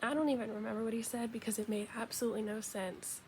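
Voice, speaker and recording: Young woman, casual storyteller, slightly high voice with gravelly fry, animated retelling, faint hiss behind. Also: quick pace. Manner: chatty, animated retelling with quoted dialogue.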